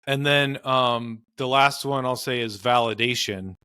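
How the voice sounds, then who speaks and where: A man's voice: medium pitch, fairly even intonation, measured pace, bright, forceful tone, smooth, no room sound, studio quality. A man, a marriage and family therapist, explaining in earnest conversational interview advice with frequent fillers. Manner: earnest, explanatory, many "you know" fillers.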